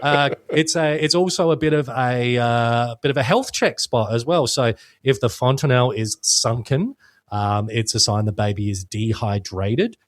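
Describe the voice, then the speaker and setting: A man's voice: mid-range voice, expressive, normal speed, dry recording, studio quality. An Australian man co-hosting a podcast, chatting casually in a rambling, jokey way and swearing now and then. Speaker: podcast co-host. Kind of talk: casual chat.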